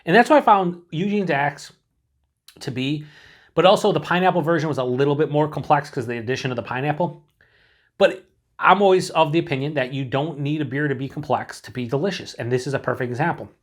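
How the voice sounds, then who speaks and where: A man's voice: on the high side, fast talker. A man casually reviewing a beer on his own channel, rambling and mocking himself, with some swearing.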